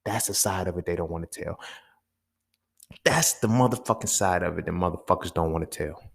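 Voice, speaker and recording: A man's voice: low voice, a little fast, gravelly. A young man hosting a podcast, talking blunt and fired up in a profane, casual monologue. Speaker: podcast host.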